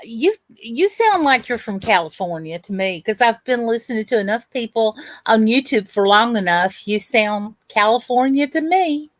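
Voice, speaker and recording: A woman's voice: fairly high pitch, animated, moderate pace, hardly any pauses, dry recording. A woman from north Georgia with a Southern accent, chatting casually and laughing often. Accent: Southern American. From north Georgia, USA. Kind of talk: casual chat.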